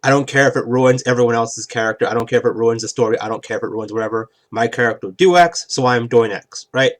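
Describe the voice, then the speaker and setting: A man's voice: medium pitch, fast talker. A man explaining the rules of a tabletop game in a rambling, casual way, often checking in with "right?". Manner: rambling, keeps asking "right?".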